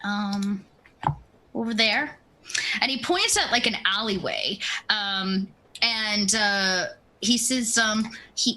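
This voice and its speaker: Bright-voiced woman game master. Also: medium pitch, poor audio. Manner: rambling, many ums and asides. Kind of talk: narrating a tabletop role-playing game.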